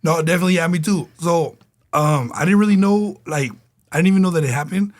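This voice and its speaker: Laid-back male podcast co-host, fairly high voice, casual and slangy. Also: quick pace. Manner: laid-back, slangy, often acts out quotes. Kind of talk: casual chat.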